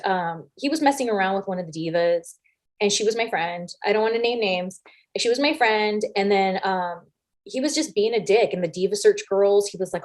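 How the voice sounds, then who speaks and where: A woman, a former wrestler as an interview guest, telling casual anecdotes in an animated way, acting out the lines of people she quotes and swearing freely. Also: mid-range voice. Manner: animated, acts out quoted lines with big voice shifts.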